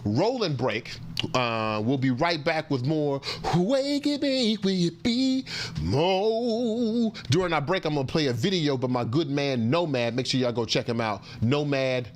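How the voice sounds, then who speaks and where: A man's voice: medium pitch, moderate pace. A man hosting a casual morning talk show, riffing and joking.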